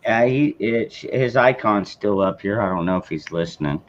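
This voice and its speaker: A man hosting a live stream, chatting casually in a relaxed, jokey way. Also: lowish voice, moderate pace. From southwestern Arizona. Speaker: stream host. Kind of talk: casual chat. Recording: dull, lo-fi stream audio.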